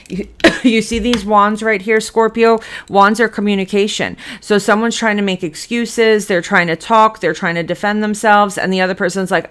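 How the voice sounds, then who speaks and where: A woman's voice: medium pitch, fairly even intonation, normal speed, hardly any pauses, fairly bright tone, clear, resonant tone. A woman giving a blunt, emphatic tarot reading, cursing freely as she speaks to her viewers. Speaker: tarot reader.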